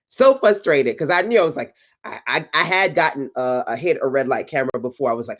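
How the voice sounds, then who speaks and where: A woman's voice: low-pitched, lively intonation, a little fast, highs cut off. A woman hosting a livestream, giving chatty motivational talk to entrepreneurs, laughing and asking her audience questions. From North Carolina. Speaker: host of a business livestream.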